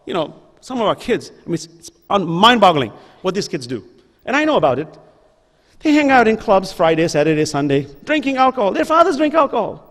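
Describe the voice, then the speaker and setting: A man's voice: high voice, big pitch swings, a little fast, a bit bright. A man giving an impassioned religious lecture to an audience in a school hall. He uses earnest, repeated rhetorical questions and appeals. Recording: reverberant hall.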